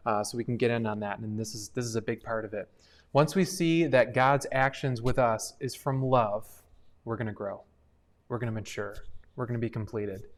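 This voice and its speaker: A young man speaking to students on a livestream, giving a devotional in an earnest, unpolished, conversational style. His voice sits at an average male pitch and stays friendly and sincere, with plenty of "uh" and "um" along the way. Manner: earnest and conversational, with frequent fillers. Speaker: youth ministry leader.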